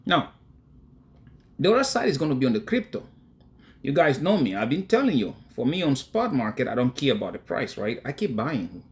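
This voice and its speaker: Lively, animated man talking crypto. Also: mid-range voice, brisk. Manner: animated and chatty, often laughing at his own stories; emphatic, addresses viewers directly. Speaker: crypto investing vlogger. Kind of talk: casual talk to camera.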